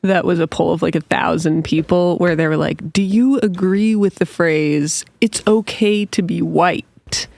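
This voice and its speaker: Gravelly male co-host, offhand. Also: on the high side, steady tone, measured pace, few pauses, darkish tone, no room sound. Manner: chuckling, offhand asides. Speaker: podcast co-host. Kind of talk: casual chat.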